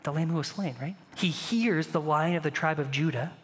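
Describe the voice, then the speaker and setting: A man preaching a sermon as pastor, conversational and animated, asking the congregation rhetorical questions. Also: fairly high pitch, moderate pace, big-room sound, slight background noise.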